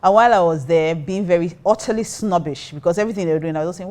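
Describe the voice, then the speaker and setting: A middle-aged woman with a Nigerian accent, a pastor and co-host, telling a story in a lively way and acting out the quotes. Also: mid-range voice, fast. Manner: lively, acts out quotes, mixes in Pidgin. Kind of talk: casual storytelling chat.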